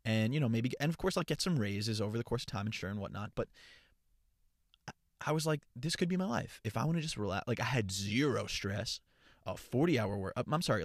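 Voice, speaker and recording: A young man hosting his own podcast from inside a car, chatting casually in an energetic, profane, rambling way with lots of restarts. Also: medium pitch, dry recording, clean studio sound. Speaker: podcast host and content creator. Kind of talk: casual solo podcast chat. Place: parked car.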